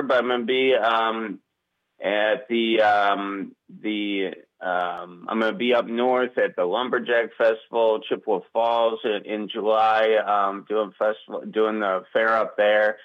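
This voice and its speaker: A man with a Wisconsin accent, a comedian guest in a casual interview, talking haltingly with many restarts and fillers. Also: fairly low pitch, fairly even intonation, dull audio.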